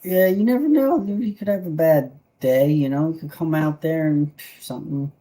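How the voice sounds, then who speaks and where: A laid-back man chatting casually about fights, mostly agreeing with his co-host and dropping slang. His voice is mellow and dark-toned. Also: a little high, moderate pace. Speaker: podcast co-host. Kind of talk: casual fight predictions chat.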